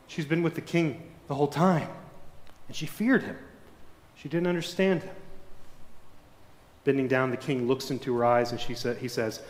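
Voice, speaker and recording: A male pastor preaching a sermon in a church, dramatic and shifting between fervent and hushed. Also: medium pitch, moderate pace, long pauses. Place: church sanctuary. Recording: echoey church hall.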